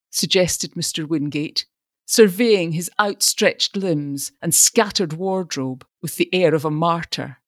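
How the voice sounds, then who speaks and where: Low-voiced woman reading a story. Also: measured pace, dry recording, clean studio sound. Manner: expressive storytelling. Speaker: narrator. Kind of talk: audiobook narration.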